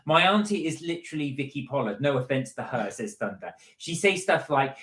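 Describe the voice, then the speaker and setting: A West Country man co-hosts a live stream, chatting casually and telling stories, laughing often and slipping into impressions. His voice is a little high and quick, with big pitch swings and a fairly bright tone, in an echoey room.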